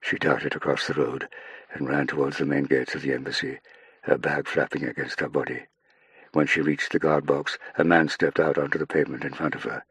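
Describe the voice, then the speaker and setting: A man reads an audiobook in a measured, even storytelling voice. His voice is extremely low, with a husky grain. The recording is dry and close, with no room around it. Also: no echo. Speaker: audiobook narrator. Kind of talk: scripted narration.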